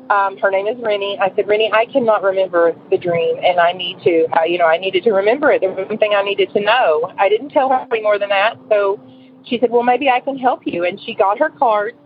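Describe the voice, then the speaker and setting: A woman in her forties calling in to tell a personal story, rambling and emotional with many fillers. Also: medium pitch. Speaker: caller. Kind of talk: telling a personal story on a call-in show. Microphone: phone. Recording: tinny phone line with faint hiss.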